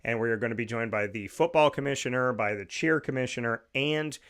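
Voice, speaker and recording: A man's voice: mid-range voice, fairly quick, a bit bright. A man hosting his own radio and podcast show in a studio, talking with upbeat enthusiasm and rattling off plugs and lists. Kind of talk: energetic show talk and sponsor plugs.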